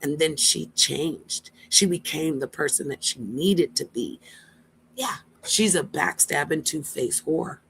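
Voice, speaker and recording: A woman's voice: low voice, slow pace, gravelly, a bit bright, a little hiss or hum. A woman hosting a stream, giving blunt, profane reaction commentary straight to her viewers. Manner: brash, blunt and profane, addresses viewers directly.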